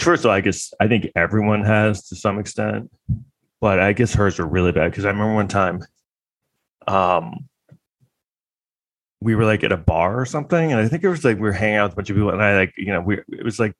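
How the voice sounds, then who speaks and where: A man's voice: sits low, fairly bright tone, dry recording. A man delivering a comedic monologue in a crude, sarcastic, rambling way, full of fillers and restarts.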